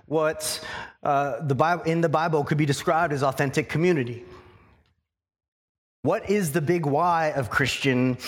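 A man preaching a sermon as pastor of his church, earnest and explanatory, with frequent pauses and restarts. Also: on the high side.

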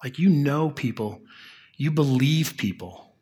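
A man preaching a sermon as pastor in a conversational way, often dropping to a soft hush on key lines. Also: fairly high pitch, animated, unhurried, husky.

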